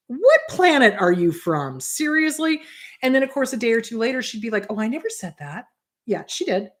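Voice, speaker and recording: A woman therapist with a medium-pitched voice hosts her own show, speaking casually and bluntly to viewers with advice. She's emphatic, keeps asking rhetorical questions about whether they follow her, and briefly acts out quoted voices.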